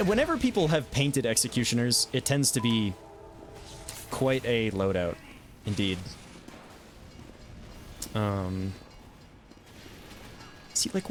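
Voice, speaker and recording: A man streaming a video game, chatting casually about his plays with self-amused asides and quick reactions. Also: on the low side, expressive, music in the background. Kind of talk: casual gameplay commentary.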